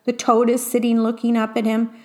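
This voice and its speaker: A woman reads a children's picture book aloud, clear and expressive. Her voice sits somewhat high for a woman. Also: brisk. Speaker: storyteller.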